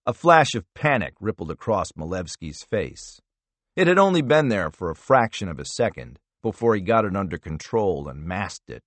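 Expressive low-voiced male narrator. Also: moderate pace, dry recording. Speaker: audiobook narrator. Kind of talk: scripted thriller narration.

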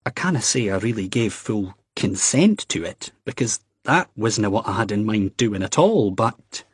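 A man voicing an anxious, earnest young Scottish man who talks in a halting, hesitant way, with a Scottish accent. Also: fairly low pitch, lively intonation, breathy edge, no echo, clean studio sound. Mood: embarrassed, halting. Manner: hesitant, halting, drawn-out reasoning.

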